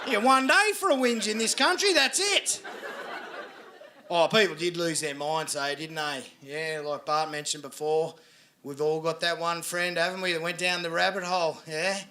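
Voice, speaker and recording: Brash high-voiced Australian man on stage. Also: moderate pace, sharp tone, a little hiss or hum. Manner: brash, swearing, asks the crowd for agreement. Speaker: stand-up comedian. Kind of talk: stand-up comedy set. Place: live comedy venue with audience. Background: audience laughter.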